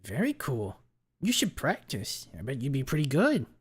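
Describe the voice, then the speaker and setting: A man voicing a chubby young arcade fighting-game champion who speaks slowly and nods in approval. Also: mid-range voice, wildly swooping pitch, breathy edge, voice pushed up, exaggerated voice. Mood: approving.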